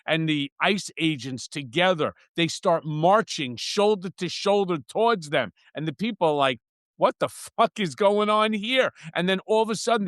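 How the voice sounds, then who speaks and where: A man's voice: fairly high pitch, dry recording, clean studio sound. A middle-aged man chatting as a guest on a political talk show, telling stories with lots of swearing and laughter. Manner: animated storyteller, swears freely, laughs at his own stories. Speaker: guest commentator. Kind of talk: casual political chat.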